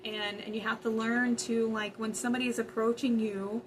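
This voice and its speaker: A woman's voice: fairly high pitch, level tone, fairly quick, background noise. A woman hosting a spiritual wellness channel, giving casual advice in an earnest, chatty way with many fillers. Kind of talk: casual spoken advice monologue.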